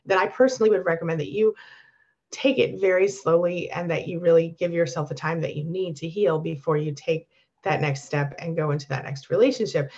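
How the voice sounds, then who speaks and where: On a live stream, a woman coaches abuse survivors, reading out viewer comments and responding with warm encouragement. She has a low voice, and the sound is lo-fi.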